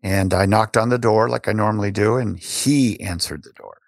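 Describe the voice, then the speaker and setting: Older man, lively storyteller, low voice. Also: normal speed, vocal fry, dry recording, clean studio sound. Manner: animated storyteller, frequent restarts. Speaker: guest. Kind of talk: casual storytelling interview.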